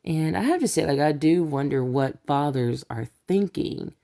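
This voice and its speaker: A woman's voice: low voice, expressive, normal speed, vocal fry, mellow. A woman hosting a celebrity gossip channel, reading news quotes aloud and breaking off with sarcastic asides in a casual commentary style.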